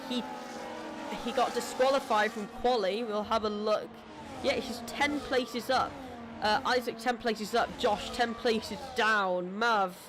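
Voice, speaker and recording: An esports racing commentator calling a live race in a chatty, self-deprecating way, quick to apologise, and losing their voice. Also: mid-range voice, noisy background.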